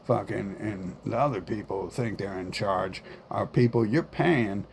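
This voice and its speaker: A man's voice: fairly low pitch, unhurried, creaky, a little mellow, a little hiss or hum. A man in a casual vlog monologue, rambling and repeating himself, swearing often and defiant in tone. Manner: rambling, repetitive, profane, defiant. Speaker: vlogger.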